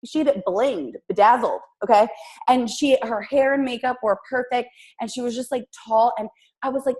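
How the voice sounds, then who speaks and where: Animated woman telling a lively story. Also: on the high side, brisk. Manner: chatty, addresses listeners directly. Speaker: guest host of a coaching team call. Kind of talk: casual motivational storytelling.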